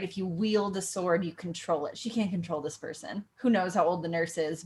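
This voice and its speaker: A young woman teaching acting, explaining a monologue line by line in a playful, animated way and punching key words for emphasis. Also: lowish voice.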